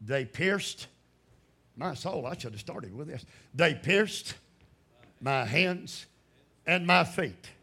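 A preacher with a high, gravelly, husky voice delivers a fiery sermon. His tone is sharp and bright, and he speaks slowly and deliberately. He swings from shouting to a low, hushed delivery. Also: animated. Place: church.

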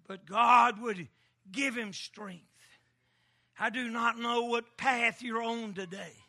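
A man preaching with a very high, piercing voice that rings sharp and bright. He takes his time, drawing out each phrase slowly in a rhythmic cadence, then rises into shouted, chanting refrains. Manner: repeats parallel phrases in a chanting build. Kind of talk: sermon.

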